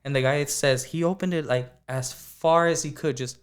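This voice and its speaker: A man co-hosting a podcast, telling a story in a casual, animated way with lots of filler words. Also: fairly high pitch, moderate pace, smooth. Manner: animated, acts out dialogue, many fillers like "like". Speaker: podcast co-host.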